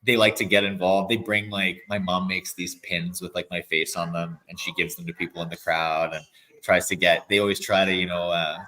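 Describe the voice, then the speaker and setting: A man's voice: sits low, brisk, low-quality recording. A man in his thirties, a guest athlete, talking casually and rambling in an interview with lots of filler words. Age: 30s. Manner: relaxed, rambling, many "like" fillers.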